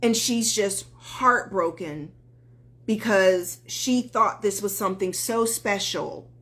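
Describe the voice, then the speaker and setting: A woman's voice: medium pitch, slow pace, a bit bright. A woman dating coach talking on a live stream, earnest and emphatic, greeting viewers as they join.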